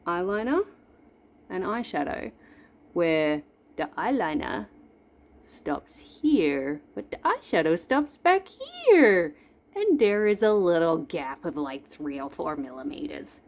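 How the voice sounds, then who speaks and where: A woman's voice: on the low side, darkish tone. A woman in her forties chatting through a makeup tutorial at home, playful and self-deprecating. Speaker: makeup vlogger. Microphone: camera in front of her.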